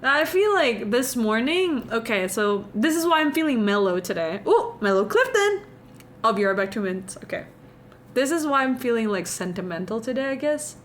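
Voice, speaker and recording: A woman's voice: fairly high pitch, lively intonation, moderate pace, fairly bright tone, slight background noise. A young woman from Indonesia with an Indonesian accent, chatting casually on a live stream from home in a meandering, confiding way. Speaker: livestreamer.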